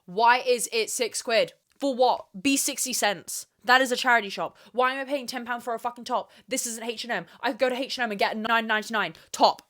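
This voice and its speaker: A woman's voice: a little high, fairly quick, few pauses, a bit bright. A young woman in her twenties hosting a solo podcast to camera, ranting emphatically and swearing freely. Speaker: podcast host. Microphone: camera mic, speaking to camera.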